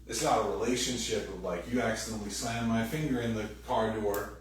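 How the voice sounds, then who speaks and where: A man's voice: lowish voice, fairly even intonation, fairly quick, a little hiss or hum. A male pastor preaching a sermon in a casual, joking way, acting out quoted voices as he goes. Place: church sanctuary. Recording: roomy hall, from a distance.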